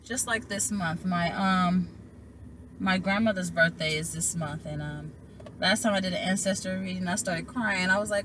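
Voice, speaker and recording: A young woman, a tarot reader, casually telling viewers a personal story, animated and emotional, and calling them y'all. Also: lowish voice, moderate pace, slight background noise.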